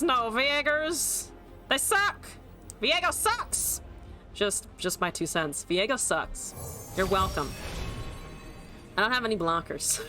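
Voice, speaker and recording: A young adult woman giving live commentary on her card game, swearing, laughing and answering chat as she plays. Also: mid-range voice. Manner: animated, swears and laughs, reads chat aloud. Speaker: streamer. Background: faint music.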